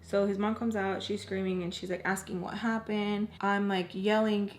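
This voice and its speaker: A young woman speaks straight to the camera at close range, telling her own story in a loose, chatty way, packing nearly every sentence with "like." Her voice sits at a middle pitch, and a faint hiss of room noise runs underneath it. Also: level tone, moderate pace. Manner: frequent "like" fillers, drops to near whispers when tense. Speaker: vlogger telling a personal story. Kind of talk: casual storytime monologue.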